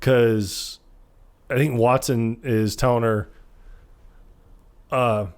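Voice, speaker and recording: A man's voice: mid-range voice, fairly even intonation, very slow, clear, resonant tone. A man co-hosting a podcast, laughing often while quoting lines from a comedy film in casual chat. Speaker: podcast co-host.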